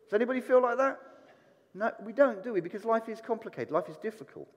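A man preaching a sermon, animated and putting questions to the congregation. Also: high-pitched, fast, long reverb tail. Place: church hall.

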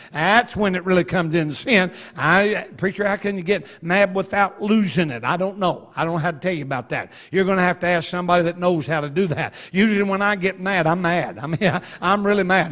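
Folksy high-voiced preacher. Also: male voice, a bit bright. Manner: folksy storytelling preacher, shifts between slow emphasis and quick asides. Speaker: evangelist. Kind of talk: revival sermon. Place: church sanctuary.

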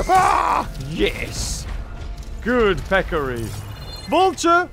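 Excitable gamer, high and lively. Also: male voice, drawn-out words, gravelly. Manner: chatty, excitable, talks to game creatures. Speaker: gaming channel host. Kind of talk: let's play commentary.

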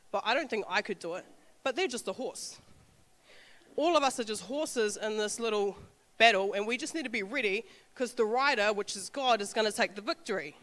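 A woman, telling an animated testimony with frequent laughter. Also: a little high, big-room sound. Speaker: speaker sharing a testimony. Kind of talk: informal sermon talk.

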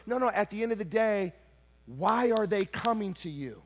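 A middle-aged man preaching a sermon as pastor, swinging between loud shouting and hushed, low confession, repeating words when he gets worked up. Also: animated, normal speed. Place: church sanctuary.

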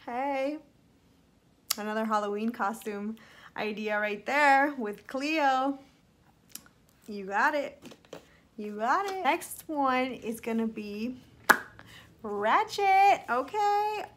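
A woman's voice: fairly high pitch, slow, pauses often, fairly bright tone, a little hiss or hum. A young woman vlogger giving a bubbly, playful makeup review, talking straight to her viewers. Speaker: beauty vlogger.

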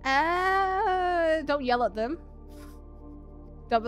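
Young woman, gaming streamer, higher voice, swears and teases; faint music behind. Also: lively intonation, slow. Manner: swearing, laughing, teasing banter. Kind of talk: casual gaming chat.

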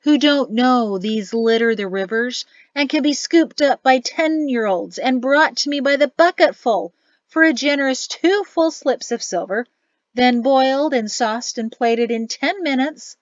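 A woman's voice: sits high, a little slow, no room sound, highs cut off, pitched above the performer's own voice. A woman voicing a jovial, chatty male innkeeper and cook in an audiobook. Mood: cheerful. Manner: cheery, chatty, boastful.

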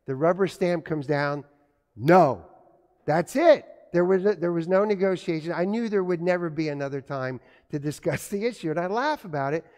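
A middle-aged pastor tells childhood stories from the pulpit, voicing his family's conversations, in a slightly high, darkish voice that runs a little fast with few pauses. The church hall echoes around him.

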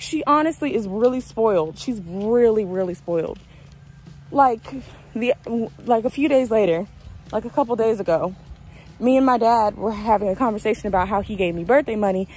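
A woman of twenty-one telling a story in a casual, animated way in a vlog. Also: fairly high pitch, moderate pace, low-quality recording. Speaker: vlogger.

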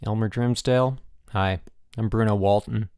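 A man puts on a cocky schoolboy ringleader in an audiobook, always ready with a sarcastic quip. He sounds bossy and quick-witted. The recording is dry and close. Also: fairly low pitch, fairly even intonation, darkish tone, smooth, no echo, lightly acted. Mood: wisecracking.

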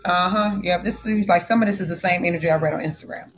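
A woman tarot reader with a lowish voice speaks quickly, with a little hiss or hum in the audio. Her spiritual reading is casual, blunt, and animated, peppered with frequent swearing.

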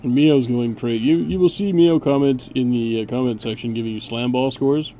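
A man's voice: mid-range voice, brisk, dark tone, slight background noise. A man hosting a gameplay video, chatting casually and barking mock-grand orders at his units with a sarcastic edge.

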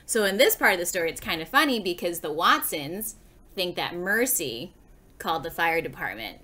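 Woman teacher, storytime read-aloud, chatty, asks questions, lively sing-song pitch. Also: normal speed. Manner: warm, chatty, asking the class questions. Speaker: second-grade teacher.

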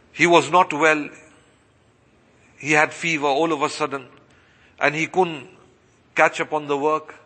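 In a long, reverberant hall, a man preaches a sermon as an imam, his voice fairly high, pushed and bright. He asks his listeners rhetorical questions and repeats his points.

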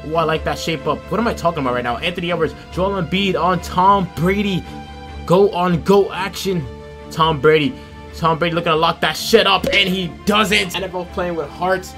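A young man giving loud, profane play-by-play commentary over a basketball video game, shouting at big plays. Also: high voice, normal speed, over music. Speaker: gaming YouTuber.

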